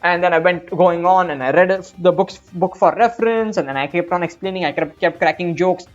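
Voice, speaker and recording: A man's voice: high-pitched, a little fast, highs cut off, faint music behind. A young man in his twenties telling a rambling, profane, self-mocking story over gameplay. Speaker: gaming streamer.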